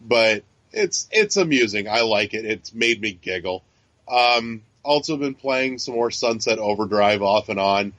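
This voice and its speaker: A man's voice: on the low side, expressive, a little slow, fairly bright tone, dry recording. A man co-hosting a podcast in casual chat, rambling and swearing, with lots of fillers and restarts. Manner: chatty, profane, frequent fillers and restarts. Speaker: podcast co-host. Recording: dull, lo-fi sound.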